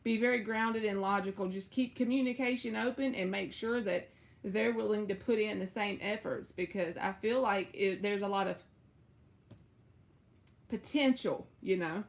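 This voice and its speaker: On a casual live stream, a young tarot reader with a Southern US accent chats with her viewers, drawling and drawing out her words, her voice sometimes leaping suddenly high. She talks at a normal speed in a gravelly voice.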